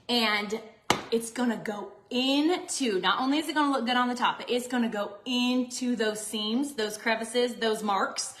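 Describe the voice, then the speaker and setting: A woman's voice: fairly high pitch, roomy sound, background noise. A chatty woman, hosting a cooking stream from her home kitchen and talking to viewers as she bakes. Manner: bubbly, chatty, talks to viewers. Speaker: cooking vlogger.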